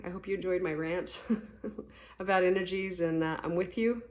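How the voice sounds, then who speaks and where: Gentle, earnest spiritual vlogger. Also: medium pitch, fairly even intonation, moderate pace. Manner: gentle, earnest and encouraging, rambling at times. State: voice a little rough from sleep. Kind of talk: casual morning talk to camera.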